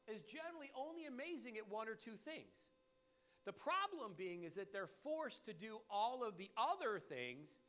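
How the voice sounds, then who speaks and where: A man giving a motivational sales training talk, animated and emphatic, repeating his key points. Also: high voice.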